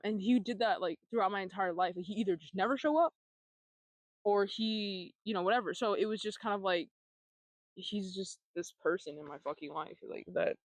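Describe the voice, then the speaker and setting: A woman's voice: mid-range voice, no echo. A young woman vlogging, telling her own life story in a candid, blunt way, with free swearing and sarcastic asides.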